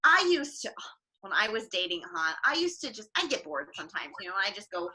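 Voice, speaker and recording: With a medium-pitched, sharp voice that swings widely in pitch, a woman delivers in-character stand-up at a brisk clip over a livestream mic. She's a jaded middle-aged space princess and mom, sardonically griping with weary mock-tired asides.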